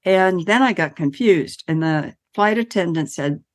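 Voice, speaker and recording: A woman's voice: on the low side, animated, unhurried. A woman hosting a podcast, chatting and telling a personal anecdote. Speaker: podcast host. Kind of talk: casual interview.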